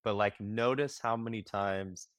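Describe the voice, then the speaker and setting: A man's voice: on the low side, steady tone, unhurried, dry recording. A man, a therapist guest on a podcast, talking through ideas in a reflective, searching way with frequent restarts. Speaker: guest, marriage and family therapist. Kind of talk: casual podcast conversation.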